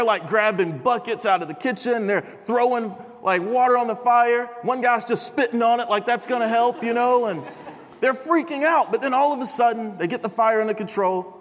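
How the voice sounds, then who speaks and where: A young man preaching at a chapel service in a casual, animated storytelling manner. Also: sits high. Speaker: chapel speaker. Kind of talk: sermon with storytelling. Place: large chapel hall. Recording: reverberant hall.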